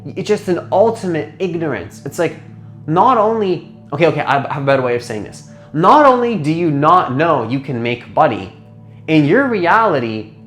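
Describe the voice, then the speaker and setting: Casual rambling motivational coach. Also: mid-range voice. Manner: casual, rambling, full of "like" and rhetorical questions. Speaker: identity transformation coach. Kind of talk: motivational talk to camera.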